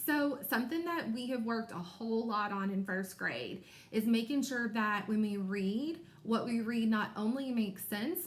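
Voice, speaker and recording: Sounding out letters slowly and clearly for her young students, a Kentucky-accented first grade teacher gives a reading lesson. Her female voice is medium in pitch, and the recording sounds roomy.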